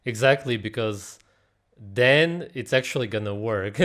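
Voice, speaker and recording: A man's voice: mid-range voice, animated, a little slow. A man reacting to a video in casual, ranting commentary, blunt and mocking, swearing and often laughing in disbelief.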